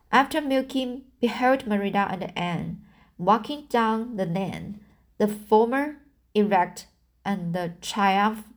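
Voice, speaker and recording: A woman reading a novel aloud, often stumbling over words and restarting lines. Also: mid-range voice. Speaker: audiobook reader. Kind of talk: amateur audiobook narration.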